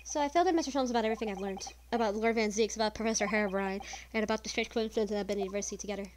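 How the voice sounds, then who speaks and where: A woman's voice: medium pitch, very fast, slight background noise. A woman playing through a video game, reading its text aloud and adding casual reactions. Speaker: let's player. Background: game music.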